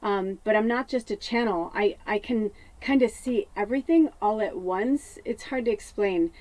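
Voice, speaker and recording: A woman's voice: medium pitch, moderate pace, darkish tone, no room sound. A woman psychic medium in a rambling spiritual monologue, often laughing and swearing casually as she talks.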